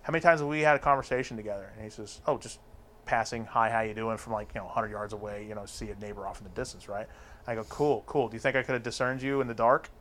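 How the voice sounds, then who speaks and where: A man's voice: fairly low pitch, steady tone, fast, fairly bright tone, a little hiss or hum. A man telling a crude, profane story in casual chat, acting out the lines of the people in it.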